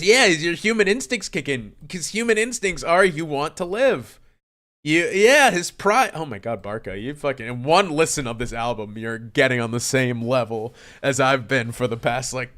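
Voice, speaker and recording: A man streaming live, talking casually about an album he loves, excitable and swearing often, swinging between hushed and loud. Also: fairly high pitch, moderate pace. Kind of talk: casual livestream music commentary.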